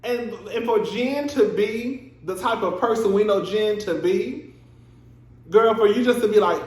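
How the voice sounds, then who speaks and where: A young man talks through a reality TV episode in a casual, animated way, often bursting into laughter. His voice sits a little high for a man. The sound bounces around an echoey room. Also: measured pace. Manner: animated, laughing, acts out scenes in exaggerated voices. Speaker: reality TV recap host. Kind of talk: casual recap commentary.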